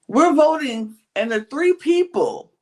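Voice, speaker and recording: This co-host's voice is high-pitched, animated, and a touch mellow as they casually recap a reality show on a podcast. They act out what others said, at times whispering, and draw out colloquial exclamations.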